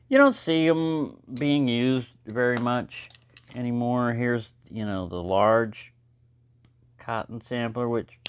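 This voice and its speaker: A man's voice: fairly low pitch, dry recording, lo-fi sound. Rambling Texan man showing knives. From Texas. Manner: rambling, relaxed, many fillers. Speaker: knife collector vlogger. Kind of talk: casual show-and-tell talk.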